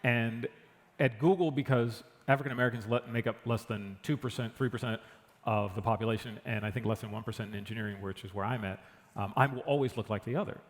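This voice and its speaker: Male interview guest, mid-range voice, animated storyteller, roomy reverberant sound. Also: mid-range voice, fast talker. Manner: animated retelling, acts out what others said. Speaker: guest, engineering director. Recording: long hall reverb.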